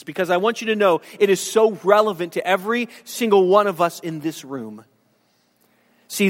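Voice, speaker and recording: High-voiced pastor preaching in a hall. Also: male voice. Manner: earnest, conversational preaching with restarts and asides. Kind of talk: sermon. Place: church sanctuary.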